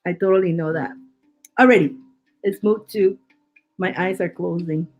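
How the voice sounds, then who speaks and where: Woman reading tarot on a live stream, comforting, rambly, lots of restarts, soft music under her. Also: on the low side, normal speed, dull audio. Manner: reassuring, chatty, many restarts and repeated words. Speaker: tarot reader.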